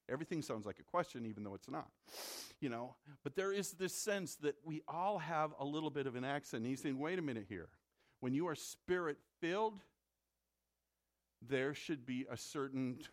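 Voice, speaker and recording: A man from the Midwest preaching a sermon as a pastor, in a conversational way that repeats words when he presses a point. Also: medium pitch.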